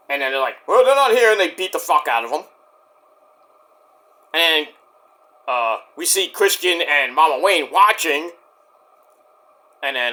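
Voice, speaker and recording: A man giving a casual, profane recap of a wrestling show, acting out the wrestlers' lines as he goes. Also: on the high side. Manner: profane, excitable, acts out quotes. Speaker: wrestling reviewer.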